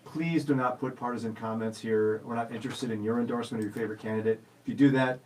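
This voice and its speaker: A man's voice: mid-range voice, steady tone, fast talker, darkish tone, a little hiss or hum, poor audio. Playful male radio co-host. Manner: playful, teasing storyteller. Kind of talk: casual studio chat. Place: radio studio.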